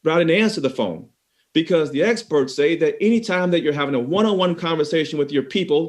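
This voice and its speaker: A man's voice: on the high side, fast talker. A man giving a motivational talk to managers, telling a story and speaking straight to the audience. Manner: animated storyteller, addresses the audience directly.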